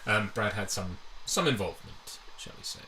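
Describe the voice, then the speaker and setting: A man's voice: fairly low pitch, expressive, moderate pace, bright, forceful tone, distant mic, a little hiss or hum. A man chatting casually, rambling with lots of fillers and laughter. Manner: rambling, laughs often, many fillers and restarts. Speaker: co-host. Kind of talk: casual chat. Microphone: lavalier.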